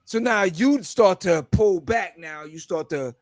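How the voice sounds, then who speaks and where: A man co-hosting a barbershop podcast, telling animated stories in casual chat. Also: high voice, a little slow. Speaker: podcast co-host.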